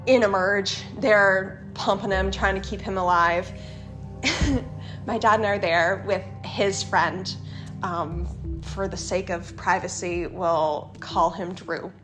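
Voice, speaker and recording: A young woman speaks as an interview guest, recounting a painful family story with raw candor and a few curse words. Her voice sits at an ordinary middle pitch. Music plays clearly beneath her. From Canada. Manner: candid and emotional, with frequent swearing. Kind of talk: personal storytelling.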